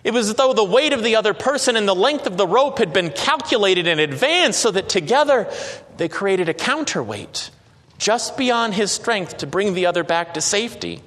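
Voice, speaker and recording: A man's voice: high-pitched, very animated, fairly bright tone. Man telling a story with reverb. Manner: slow, dramatic, with occasional hesitations. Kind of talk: storytelling narration. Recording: long reverb.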